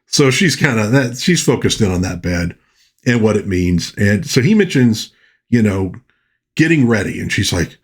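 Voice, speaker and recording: Man, film reviewer, casual chatty narration, lowish voice, husky, retells scenes with quick character impressions. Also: animated. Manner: retells scenes, briefly mimicking characters' lines; loose, chatty, many fillers and restarts.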